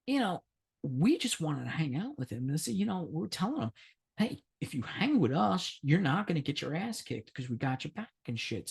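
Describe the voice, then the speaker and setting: A podcast co-host tells a long anecdote in casual conversation, swearing freely and laughing along the way. His pitch swings widely as he acts out each person in the story.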